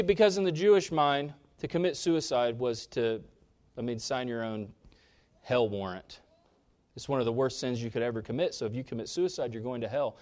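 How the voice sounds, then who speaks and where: A man preaching a sermon, rising sharply in pitch and loudness on key points and dropping low between them. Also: brisk. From Kansas. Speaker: pastor.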